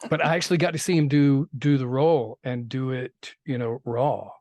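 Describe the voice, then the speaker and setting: A man's voice: medium pitch, fairly even intonation, moderate pace, a little mellow, no echo, clean studio sound. A man, a film director, telling stories in a casual interview, rambling with many restarts and fillers. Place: interview set.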